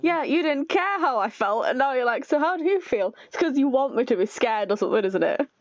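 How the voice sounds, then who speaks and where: A woman's voice: sits high, animated, a little fast, dry recording. A woman reading game dialogue aloud for a volatile, bratty young man who boasts and taunts. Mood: taunting. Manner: reads game dialogue aloud with light acting.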